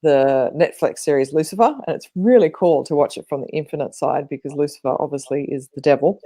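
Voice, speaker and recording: A woman's voice: low-pitched, brisk, warm tone, no echo. A woman co-hosting a podcast, telling stories in a rambling, casual way with many fillers. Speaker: podcast co-host. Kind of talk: casual spiritual chat.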